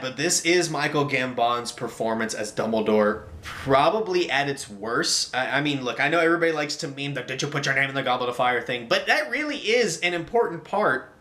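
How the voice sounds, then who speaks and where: A young man giving a casual spoken movie review, animated and exasperated, saying "like" a lot. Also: on the high side, echoey room.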